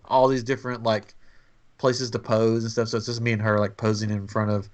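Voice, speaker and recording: A man's voice: fairly low pitch, level tone, brisk. A man in his thirties co-hosting a podcast, telling a family vacation story in a rambling, chatty way. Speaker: podcast co-host. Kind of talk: casual trip-story chat.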